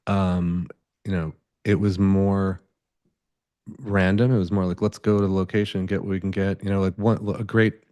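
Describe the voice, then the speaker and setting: Flat in delivery, low and darkish, a photographer talks at normal speed as an interview guest. His conversational storytelling on an event space stage is loose and rambling, with lots of restarts and quoted dialogue he performs.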